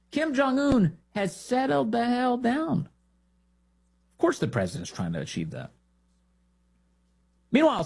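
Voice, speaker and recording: Animated sarcastic male talk host. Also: sits high, vocal fry, breathy edge. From United States. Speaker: political talk show host. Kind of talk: opinionated commentary.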